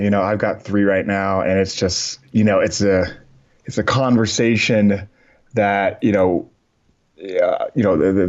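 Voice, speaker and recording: A man hosting a podcast, talking in a halting way that leans on "you know" and restarts. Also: low-pitched, a little mellow, muffled recording. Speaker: podcast host. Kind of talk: casual podcast conversation.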